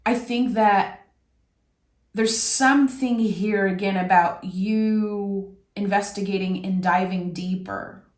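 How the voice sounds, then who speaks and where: A woman from Québec giving an intuitive tarot reading in a reflective, meandering, gently encouraging way. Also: mid-range voice, fairly even intonation, slow. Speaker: tarot reader. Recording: echoey room.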